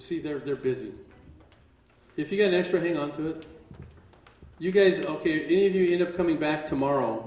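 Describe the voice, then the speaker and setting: Joking man lecturing in an echoey room. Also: on the high side. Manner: joking, conversational, grows forceful and emphatic. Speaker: seminar presenter. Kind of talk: live seminar talk to an audience. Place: seminar room with audience.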